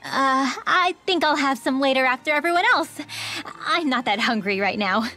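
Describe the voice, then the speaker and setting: A woman's voice: high-pitched, lively intonation, moderate pace, pushed and bright, soft background music. An actress voicing a teasing, scolding teenage girl in a video game.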